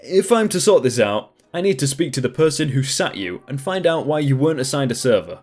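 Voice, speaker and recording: A man's voice: medium pitch, very animated, fairly quick, darkish tone, faint music behind. A man reading a story aloud, voicing a polite but firm male restaurant manager. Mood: patient.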